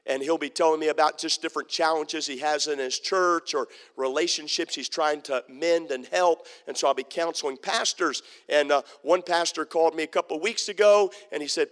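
High-voiced pastor preaching in a reverberant sanctuary. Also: male voice, brisk, few pauses. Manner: storytelling, animated, with acted-out quotes and humor. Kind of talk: sermon. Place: church sanctuary.

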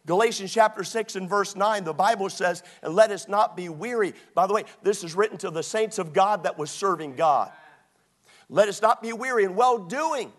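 A man preaching a sermon as a pastor, animated and mocking, often breaking into quoted put-on voices. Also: high-pitched, moderate pace.

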